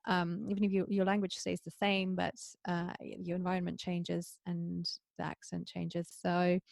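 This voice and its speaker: A British woman hosting a podcast who tells stories in an animated, chatty way with lots of restarts. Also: fairly low pitch, normal speed, vocal fry, dry recording, studio quality. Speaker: podcast host. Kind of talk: casual conversation.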